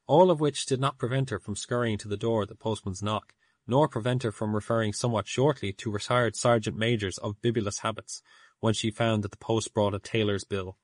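Guy reading an audiobook, measured, lowish voice, dry close sound. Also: steady tone, no room sound. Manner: measured storytelling. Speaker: narrator.

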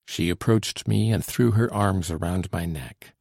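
Gravelly, husky male narrator. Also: deep voice, unhurried, a little mellow, no room sound, studio quality. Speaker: audiobook narrator. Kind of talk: scripted narration.

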